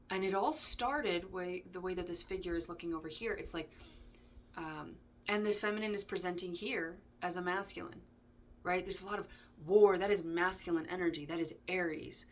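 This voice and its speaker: A woman's voice: on the low side, a bit bright. A woman giving a casual tarot reading, chatty and digressive, with frequent ums and asides. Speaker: tarot reader.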